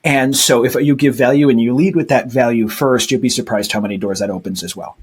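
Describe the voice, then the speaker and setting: A man's voice: medium pitch, brisk, a crowd in the background. A man hosting a podcast, talking casually and reflectively about gratitude and service. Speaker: podcast host. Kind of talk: casual conversation.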